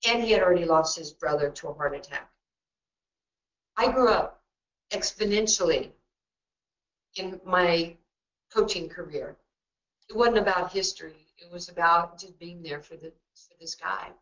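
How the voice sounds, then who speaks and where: Blunt older New York woman coach, low voice, joking and sarcastic, dull lo-fi webinar sound. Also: fairly bright tone. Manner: blunt, joking, quick storytelling with asides. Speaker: basketball coach and guest speaker. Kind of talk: webinar talk.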